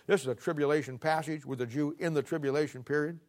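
Male preacher, slightly high voice, dry sarcastic wit. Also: fairly even intonation, fast talker, a little mellow. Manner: sarcastic, wry storytelling with folksy asides. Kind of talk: sermon with storytelling.

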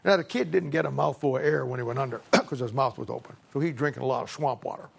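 A man's voice: medium pitch, fast, vocal fry, husky. A male preacher telling a folksy story in his sermon, often repeating words as he goes.

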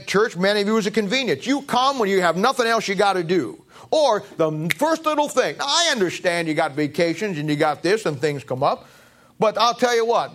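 A man preaching a sermon as pastor, pressing the congregation with repeated rhetorical questions, his pitch swinging from low to high. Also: a bit bright. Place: church.

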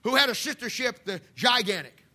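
A man preaching a sermon with a striking high pitch and a bright, piercing edge. He swings from booming shouts down to hushed, quiet asides. He has a fiery pulpit manner. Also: lively intonation, a little fast.

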